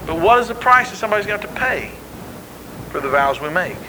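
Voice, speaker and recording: Male preacher, very high bright voice, conversational emphasis, faint hiss behind. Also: big pitch swings, quick pace, rough recording. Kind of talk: sermon.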